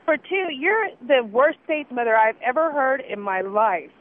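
High-voiced lady caller, fired up and interrupting, tinny phone sound. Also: big pitch swings, moderate pace. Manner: indignant, interrupting, talks over others. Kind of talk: radio call-in.

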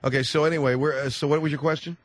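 A man's voice: a little high, steady tone, rapid-fire. A middle-aged man hosting a radio talk show, chatting with callers in a jokey, rambling way. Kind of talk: casual radio chat. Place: radio studio. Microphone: close studio mic.

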